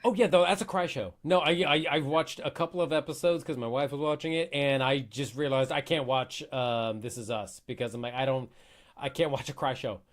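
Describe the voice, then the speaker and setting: A man's voice: medium pitch, fairly even intonation, brisk. An American man co-hosting a show review podcast, easygoing and swearing casually while reading out chat questions. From United States.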